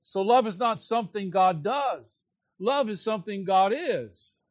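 A man preaching an expository sermon, stressing his points with deliberate, emphatic repetition. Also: sits high, animated, no room sound, muffled recording.

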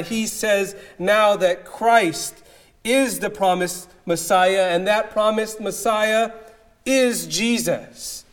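A man preaching an expository sermon, emphatic and measured, with dramatic pauses. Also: high-pitched.

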